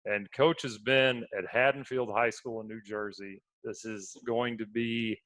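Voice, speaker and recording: A man's voice: medium pitch, steady tone, unhurried, fairly bright tone, dry recording. A man co-hosting a sports podcast, chatting casually and laughing his way through a story. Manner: storytelling, laughs while talking. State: feeling sick. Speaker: podcast co-host. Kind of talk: casual chat.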